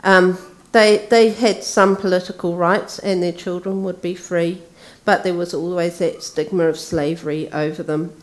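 A woman preaching a sermon in a relaxed, conversational way, retelling a story. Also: fairly low pitch, normal speed, hardly any pauses.

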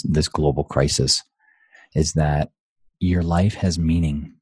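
A man's voice: a bass voice, darkish tone, slightly rough, dry recording. A middle-aged man, a guest in an interview, speaking in an earnest, motivational way full of rhetorical questions. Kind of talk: conversational interview.

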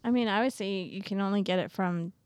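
A woman co-hosting a casual faith discussion, gentle and affirming. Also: medium pitch, a little fast, no echo.

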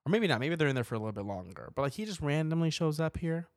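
A podcast co-host in casual chat about a horror movie, animated and laughing often, bursting into loud acted-out reactions. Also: medium pitch, very fast, dry recording, clean studio sound.

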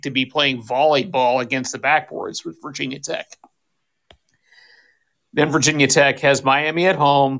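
A man's voice: mid-range voice, sharp tone. A man co-hosting a sports podcast, talking in a rambling, casual way with many restarts and self-corrections. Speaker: podcast co-host.

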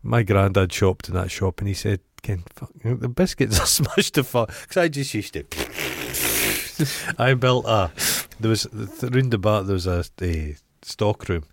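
A Scottish man co-hosting a podcast in casual chat, trading crude, deadpan banter. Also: on the low side, unhurried, gravelly. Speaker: podcast co-host.

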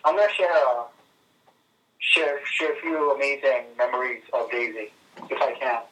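A man in his thirties calling in to chat with friends, halting and full of fillers and restarts. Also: mid-range voice, fairly even intonation, fairly bright tone, slight background noise. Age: 30s. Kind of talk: casual phone conversation. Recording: tinny speakerphone from a distance.

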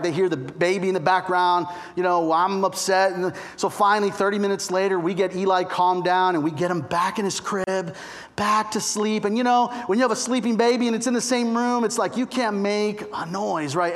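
A middle-aged man preaches in a notably high voice. He tells a personal story in a loose, conversational way and keeps checking in with his listeners. His delivery is lively and animated. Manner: chatty, animated storytelling with frequent asides to the listeners. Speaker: pastor. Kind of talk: storytelling sermon.

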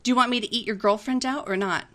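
A woman's voice: a little high, fast, fairly bright tone, natural voice. A woman reading the part of an imperious female demon who mocks and gives cool, haughty commands. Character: imperious, self-possessed female demon, adult, mocking.

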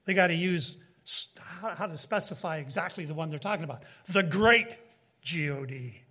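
A man with a notably high-pitched voice delivers a Bible teaching in sermon style. His delivery is emphatic, rising and falling. He turns often to his listeners with quick asides. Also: bright, forceful tone. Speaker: preacher.

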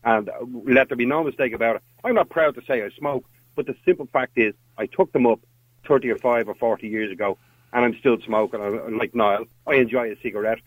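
A man's voice: mid-range voice, a little fast, no echo, rough recording. An Irish man in his fifties hosting a talk radio debate, blunt and emphatic, swearing now and then. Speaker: radio host.

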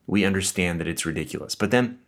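A man's voice: sits low, lively intonation, fast talker. A man preaching a sermon in a conversational way, reading scripture and explaining it with asides. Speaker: pastor.

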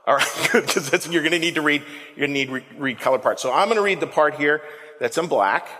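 High, bright preacher in a reverberant hall. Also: male voice, fast talker. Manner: animated, conversational, asks the congregation questions. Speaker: pastor. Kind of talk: lively sermon. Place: church sanctuary. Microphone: handheld microphone.

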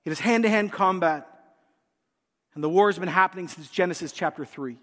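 A pastor, preaching a sermon in a church and speaking earnestly and directly to the congregation. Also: male voice, high voice, fairly quick, a bit bright, big-room sound. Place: church sanctuary.

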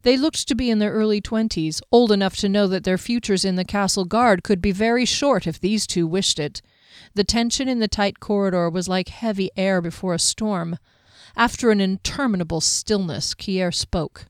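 A woman narrating a fantasy novel in a measured, expressive reading. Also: mid-range voice, smooth, no echo, studio quality. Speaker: audiobook narrator.

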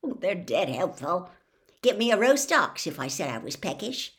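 A cheeky teenage boy prankster, as a woman reads him in a storybook, full of jokes and mischief. His voice swoops up and down with lively energy. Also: fairly low pitch, normal speed. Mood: teasing. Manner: cheeky, jokey.

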